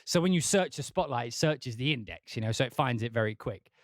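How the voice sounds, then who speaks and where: A man's voice: medium pitch, lively intonation, a little fast, dry recording, clean studio sound. A young man, a composer, chatting casually to his stream while working. He swears a lot, mocks himself, and plays with a put-on Scottish accent. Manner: swearing, self-mocking, talking to chat while working software; putting on a mock Scottish accent. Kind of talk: casual livestream chat.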